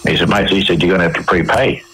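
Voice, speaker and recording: An Australian man giving a radio interview, telling his own stories in a halting way with many restarts and fillers. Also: deep voice, pushed and bright, a little hiss or hum, poor audio. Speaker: interview guest.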